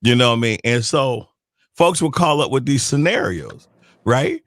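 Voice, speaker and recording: A man's voice: mid-range voice, expressive, moderate pace, fairly bright tone, no room sound, clean studio sound. A man co-hosting a radio show, chatting casually and telling stories with lots of laughter. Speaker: radio co-host. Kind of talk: casual radio chat, storytelling.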